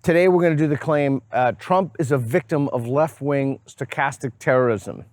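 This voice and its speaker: A man's voice: mid-range voice, normal speed, a little mellow, no room sound. A man with a Boston accent hosting a casual street interview, playful and teasing. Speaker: host. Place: outdoors on a college campus.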